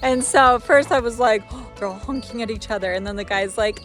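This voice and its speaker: A woman's voice: fairly high pitch, a little fast, a bit bright, soft background music. A young woman hosting a travel vlog, chatting in a bubbly way and leaning on casual filler words. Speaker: vlogger host.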